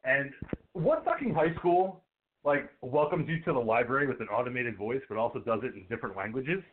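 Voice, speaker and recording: A man co-hosting a podcast, casually picking apart a film in a profane, animated way and acting out scenes. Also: medium pitch, a little fast, a little hiss or hum. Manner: animated, profane, acts out characters. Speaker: podcast co-host. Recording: phone-like narrow audio.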